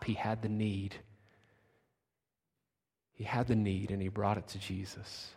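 A man preaches slowly and deliberately, his words trailing off into long pauses. His voice drops to near-whispers, then rises to sudden shouts. Long reverb from a big church sanctuary carries every word. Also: fairly low pitch, flat delivery, breathy edge. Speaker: pastor. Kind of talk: sermon. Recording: long reverb of a large hall.

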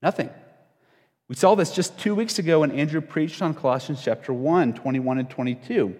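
A man's voice: a little high, normal speed, a little mellow, big-room sound. A young adult man preaching a sermon, talking conversationally, with fillers and restarts, and acting out voices of the people he quotes. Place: church.

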